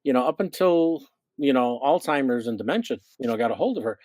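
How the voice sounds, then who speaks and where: Veteran radio host, male, Midwest-raised, expressive storyteller, dry studio sound. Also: mid-range voice, brisk, dry recording. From American Midwest. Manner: animated storyteller acting out quotes. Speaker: radio show host, guest. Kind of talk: casual storytelling chat.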